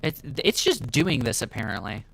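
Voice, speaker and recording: Profane streamer on glitchy pitch-shifted audio. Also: male voice, huge pitch swings, normal speed, creaky, slightly rough, rough recording. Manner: loud, profane, exasperated asides to chat. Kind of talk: casual live-stream reaction.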